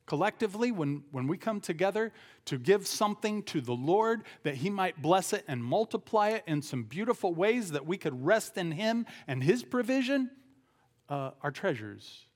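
A man's voice: sits high, big pitch swings, normal speed. Man preaching a sermon. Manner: expository preaching, acting out quoted voices. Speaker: pastor.

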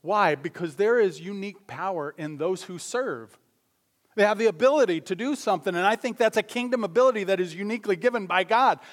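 A man preaching a sermon as pastor, talking conversationally with quick asides and self-corrections. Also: high voice. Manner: acts out voices in anecdotes.

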